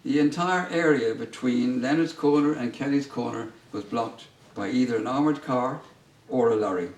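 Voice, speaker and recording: A man giving a public history talk as guest speaker, telling an anecdote in a measured way. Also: medium pitch. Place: museum lecture room. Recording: roomy, distant mic, faint noise.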